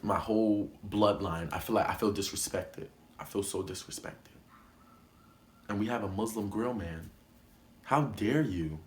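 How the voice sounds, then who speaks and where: A man's voice: fairly low pitch, roomy sound, slight background noise. A young man telling a story time vlog in an emphatic, indignant way, often repeating himself. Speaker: vlogger.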